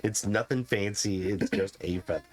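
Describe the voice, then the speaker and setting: A man's voice: on the low side, moderate pace. A man running a tabletop game as game master, narrating in a playful, chatty way.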